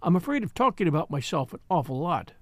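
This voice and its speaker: A man's voice: fairly high pitch, very animated, fast, a bit bright, dry recording. A man voicing a sincere, mild-mannered woman of thirty-three.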